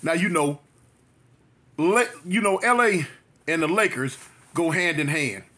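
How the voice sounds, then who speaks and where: A vlogger in his fifties from South Central Los Angeles tells a story to his channel in a chatty monologue full of repetition and street slang. His voice is fairly high, bright and forceful, animated but at a measured pace.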